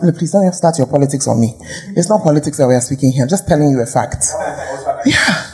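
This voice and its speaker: Animated Ghanaian woman pastor preaching. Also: low voice, fast. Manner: animated preaching, rhetorical questions, dropping to whispers. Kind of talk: sermon.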